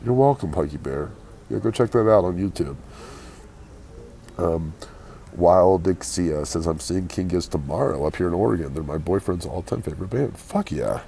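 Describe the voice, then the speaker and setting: A hungover man chatting casually with his live-stream viewers from an airport, keeping his voice quiet and low. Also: expressive, normal speed, creaky, slight background noise. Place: airport waiting area.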